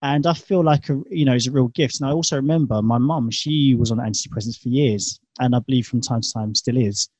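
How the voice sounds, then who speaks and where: A man's voice: medium pitch, a little fast, few pauses, darkish tone, husky, no room sound. A man with a British accent, chatting as a podcast guest in a rambling way, full of fillers. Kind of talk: casual conversation.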